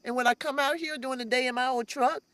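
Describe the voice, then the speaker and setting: A woman's voice: high voice, fairly even intonation, quick pace, fairly bright tone, no room sound. A woman who organizes a community farm, speaking earnestly in an interview and repeating phrases for emphasis. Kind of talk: heartfelt interview talk.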